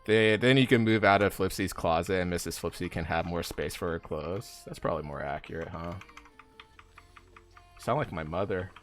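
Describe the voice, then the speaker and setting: A young man talks to his viewers while he plays, in a fairly low voice. He rambles loosely and leans on fillers as he answers chat. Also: fairly even intonation, a little fast, hardly any pauses, fairly bright tone, soft background music. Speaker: streamer. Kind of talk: casual live-stream chat while gaming.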